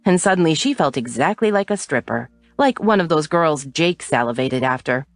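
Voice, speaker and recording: A woman narrating a romance audiobook in an expressive reading. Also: sits low, moderate pace, no echo, faint music behind.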